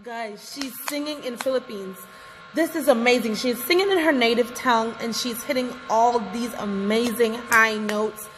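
A woman's voice: a little high, normal speed, fairly bright tone, a little hiss or hum. Gushing woman vlogger, reverberant room. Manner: gushing, effusive, keeps addressing viewers as guys. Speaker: reaction vlogger. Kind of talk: music reaction commentary. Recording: reverberant room with faint music. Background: faint music from the reacted video.

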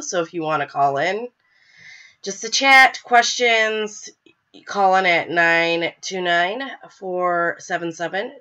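Young woman, stuffy from a cold, low-pitched, chatty live host, lo-fi webcam audio. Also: sharp tone. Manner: chatty, filler-heavy, apologetic. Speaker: podcast host. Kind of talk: casual live show chat.

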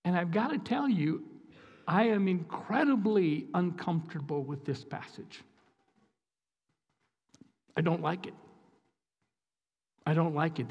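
A man's voice: sits high, unhurried, long pauses, darkish tone, dull audio. A man with an Upper Midwest American accent, preaching as a guest speaker, earnest and emphatic, often repeating his phrases. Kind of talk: sermon. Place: church sanctuary. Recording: long church hall reverb.

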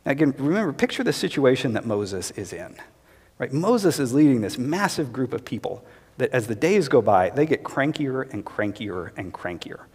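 A man preaching a relaxed, conversational sermon in a church sanctuary, with many asides to the congregation. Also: medium pitch, normal speed, breathy edge, big-room sound. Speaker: pastor.

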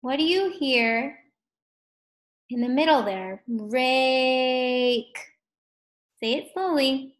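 Female first grade teacher, slow and stretched out, a bit high, gently encouraging. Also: animated. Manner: slow, drawn-out words sounded out for children; gentle, encouraging questions to young learners. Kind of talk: distance learning phonics lesson.

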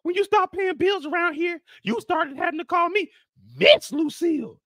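Guy doing a sassy fed-up wife, high and sharp, dry mic. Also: normal speed, dry recording. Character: middle-aged woman, defiant, fed-up wife.

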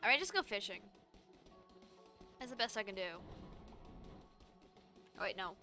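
A young woman streaming a game, reacting out loud with casual swearing and bursts of dramatic pleading. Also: medium pitch, expressive, unhurried. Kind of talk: casual live game commentary. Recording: faint game music behind.

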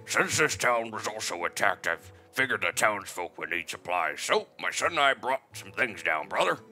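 A man's voice: on the low side, big pitch swings, normal speed, sharp tone, exaggerated voice. Man doing a hulking friendly game creature, male, hammy cute monster voice, strange timbre, faint music behind. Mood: grateful. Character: big friendly rock-creature Goron, male. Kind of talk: reading game dialogue aloud.

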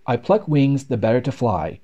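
A man's voice: medium pitch, big pitch swings, normal speed, warm tone. A man voicing a swaggering, cunning raven who boasts in a rapping cadence in a storybook poem. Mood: boastful.

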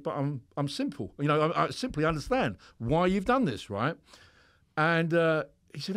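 A middle-aged man who tells his stories fast, with a lively, swinging pitch that sits a little high. He talks straight and blunt and swears freely while he recounts his work with clients. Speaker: hypnotherapist. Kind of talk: storytelling in podcast conversation.

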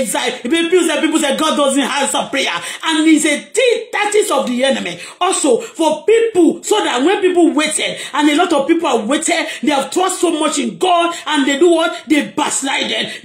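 A Nigerian woman preaching and praying with fervent, emotional shouting, slipping in and out of Yoruba on a livestream. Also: high-pitched. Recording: roomy echo.

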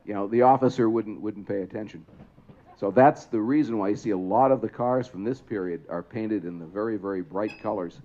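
The recording is muffled as a man calls a trolley parade for a crowd outside a trolley museum event. His lowish, darkish voice moves briskly with lively intonation while he explains things and quizzes the audience in public address style.

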